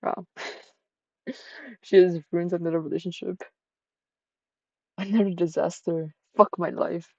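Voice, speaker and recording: A woman's voice: lowish voice, fairly even intonation, takes it slowly, vocal fry, long pauses, darkish tone, slightly rough, dry recording, muffled recording. A woman streamer reacting to a story game in a playful, giggly way, swearing freely.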